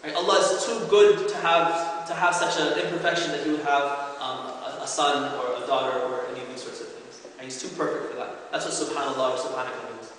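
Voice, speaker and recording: A man's voice: fairly high pitch, fairly even intonation, a little fast, few pauses, fairly bright tone, recorded from a distance. Guy giving a religious talk in a big reverby hall, bit of room hiss, keeps asking right?. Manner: earnest, explanatory, often asks "right?". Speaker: religious lecturer. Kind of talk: evening religious lecture to a congregation. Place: large hall at an Islamic center. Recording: very echoey hall with long reverb.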